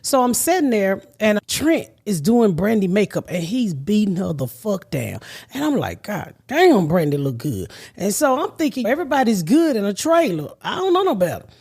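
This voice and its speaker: A woman's voice: mid-range voice, very animated, moderate pace, few pauses, a little mellow, breathy edge. A middle-aged woman host telling stories in a brash, profane, laughing manner. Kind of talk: casual storytelling chat.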